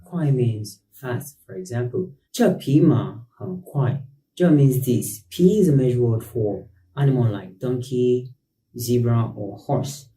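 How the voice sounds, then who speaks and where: A man teaching a beginner language lesson as the host. He explains patiently and repeats each word slowly. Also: mid-range voice, animated, warm tone, a little hiss or hum. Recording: roomy echo, distant mic.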